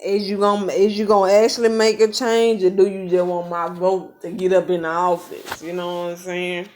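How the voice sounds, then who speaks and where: A woman hosting a reaction video, musing aloud in relaxed, casual commentary. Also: on the low side, normal speed.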